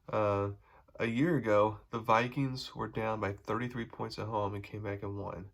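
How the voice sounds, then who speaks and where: Solo podcast host, young man, stuffy nasal voice from a cold, lowish pitch, loose casual delivery. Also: a bit bright. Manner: casual, with frequent ums and restarts. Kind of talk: solo sports predictions podcast.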